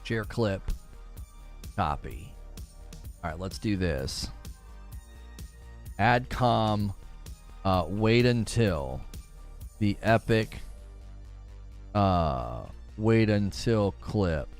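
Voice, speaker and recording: A man's voice: fairly low pitch, animated, drawn-out words, long pauses, soft background music. A man streaming, chatting casually with viewers in a rambling, laughing manner. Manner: rambling, self-interrupting, laughs often.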